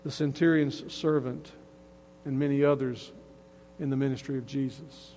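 A man's voice: mid-range voice, steady tone, moderate pace, mellow, in a large hall, a little hiss or hum. A man preaching a sermon, emphatic and earnest, often restarting his phrases as he builds a point. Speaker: pastor.

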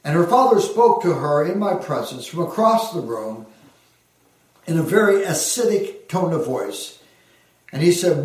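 A man's voice: fairly high pitch, big pitch swings, darkish tone. Earnest male pastor preaching in an echoey hall. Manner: earnest, emphatic preaching with slow, weighty phrases. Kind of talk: sermon. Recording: very echoey hall, heard from a distance.

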